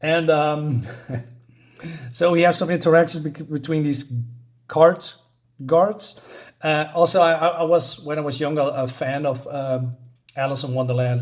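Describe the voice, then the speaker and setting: Hesitant man reviewing a comic. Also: fairly high pitch. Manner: hesitant, many ums and restarts. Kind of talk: casual spoken review.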